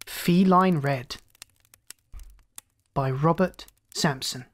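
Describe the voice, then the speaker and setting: Storyteller host, calm, inviting, scripted audiobook narration, middle pitch. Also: very slow.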